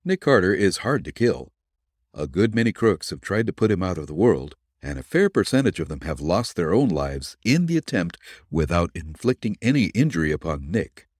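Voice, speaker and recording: A man narrating an old detective serial for a podcast, in measured storytelling with lively inflection. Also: sits low, dry recording, clean studio sound. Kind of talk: dramatic audiobook narration.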